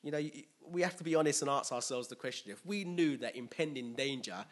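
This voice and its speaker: A man preaching a sermon with animated, emphatic delivery and call-and-response. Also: mid-range voice, a little fast.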